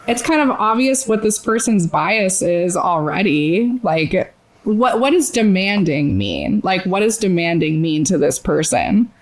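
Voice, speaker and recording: A woman guest joins a casual chat, speaking at a middle pitch. Her commentary comes out wry and a little exasperated. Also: animated, slow pace.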